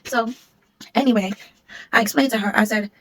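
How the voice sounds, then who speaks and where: A woman, a former security supervisor, casually telling a storytime vlog and acting out what others said. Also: a little high. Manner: rapid, animated retelling, acting out what others said.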